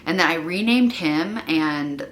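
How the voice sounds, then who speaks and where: A woman's voice: sits low, expressive, unhurried, fairly bright tone, slight background noise. A young woman vlogging casually from home, rambling with lots of "like" fillers and turning emotional at times. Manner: chatty, rambling, many "like" fillers. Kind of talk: casual vlog chat. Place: her home.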